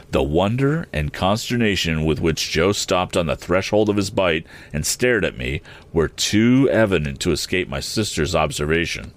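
Brief: low-voiced male narrator, measured and steady, classic audiobook reading.

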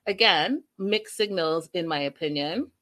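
A woman's voice: lowish voice, unhurried. A woman casually recapping a reality show episode, reading viewer comments and acting out the people's lines with sassy asides. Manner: animated, acts out quotes with sassy asides.

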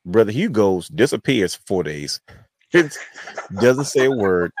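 Low-voiced man telling a rambling story. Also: big pitch swings, slow, noisy background. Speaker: podcast host. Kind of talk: casual wrestling podcast chat.

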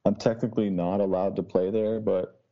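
A man's voice: lowish voice, level tone, fairly quick, lo-fi sound. A man, a guest who talks in a brash, rambling way, swearing often in casual chat. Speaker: podcast guest, street DJ. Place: Boston.

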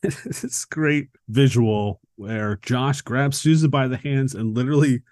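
A man's voice: medium pitch, measured pace, dry recording. Man casually recapping a movie, dry sound. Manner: animated retelling, acting out characters' lines. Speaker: podcast co-host.

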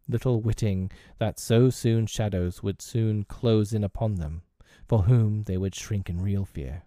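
Male storyteller, low and mellow voice, animated lilting read. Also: dry recording, clean studio sound. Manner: expressive, lilting narration. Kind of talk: reading a classic children's novel aloud.

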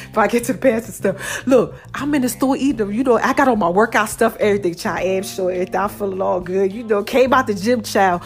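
A chatty, animated woman vlogging straight to her viewers, out of breath as she talks. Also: on the high side. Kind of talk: casual talk to camera.

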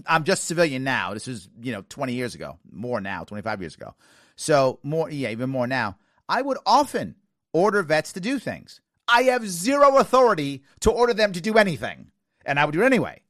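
Man, American accent, 40s, talk show host, animated storytelling, bouncy high-ish voice, dry close sound. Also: no echo. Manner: animated storytelling, acts out quotes, giggles. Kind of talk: casual talk show monologue.

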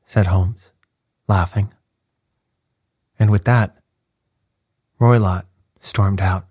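A man narrating a story in a slow, measured way, with a husky voice. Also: deep voice, fairly even intonation, darkish tone, no echo, clean studio sound. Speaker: audiobook narrator. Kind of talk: scripted narration.

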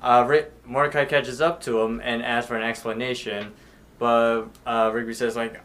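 Young guy on a podcast recapping an episode, steady and plain. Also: medium pitch, moderate pace. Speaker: podcast co-host. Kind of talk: casual chat.

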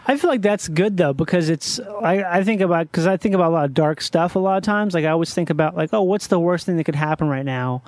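A man co-hosting a podcast, chatting quickly and joking. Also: high voice, no echo. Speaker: podcast co-host. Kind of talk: casual chat.

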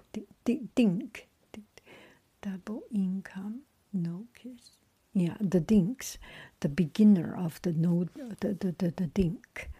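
Very slow whispering woman storyteller. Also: medium pitch, husky. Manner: soft whisper, chatty asides with slips and restarts.

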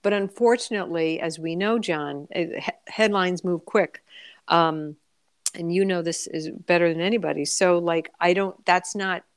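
A woman's voice: fairly low pitch, moderate pace, clean tone, dry recording, studio quality. A woman columnist speaking as a guest on a radio talk show, thoughtful and full of hesitations. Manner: hesitant, many fillers and restarts. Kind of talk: radio interview.

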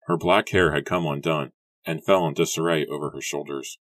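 Man, audiobook narrator, very deep voice, steady storytelling, dry close sound. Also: normal speed, no echo. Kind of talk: scripted narration.

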